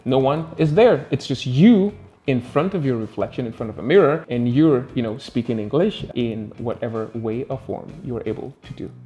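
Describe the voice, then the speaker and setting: A man, a native Arabic speaker, gives an English pronunciation lesson in a casual, playful way, letting his pitch swing up and down for emphasis. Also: animated, moderate pace, mellow. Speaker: English tutor.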